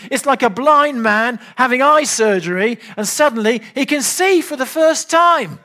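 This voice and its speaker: An older man preaching a sermon, earnest and emphatic, at times dropping to soft, low appeals. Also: expressive, moderate pace.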